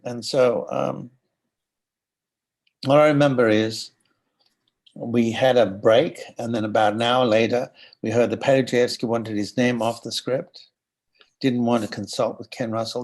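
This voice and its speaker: An older Australian man telling animated anecdotes as an interview guest, acting out the voices of people he quotes. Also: mid-range voice, unhurried. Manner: animated storyteller who acts out quoted voices. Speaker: guest actor.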